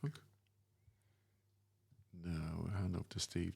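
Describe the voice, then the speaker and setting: A man's voice: low voice, normal speed, creaky. A man from Wales hosting a casual podcast chat, teasing and leading the talk with friends. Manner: chatty, teasing, leads the talk. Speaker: podcast host.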